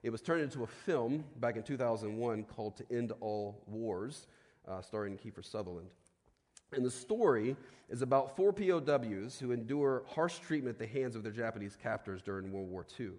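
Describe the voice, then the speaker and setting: A man preaching a sermon in a conversational way, often asking "right?", and dropping to a quiet, slow voice for solemn points. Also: mid-range voice, animated. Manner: conversational preaching with frequent tag questions. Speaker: pastor. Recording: long hall reverb.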